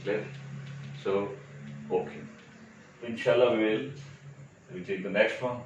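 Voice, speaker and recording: Male teacher, lowish voice, explains patiently with rhetorical check-ins, distant mic in a hollow echoey room. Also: fairly even intonation, slow, muffled recording, slight background noise. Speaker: English teacher. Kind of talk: exam-prep grammar lecture.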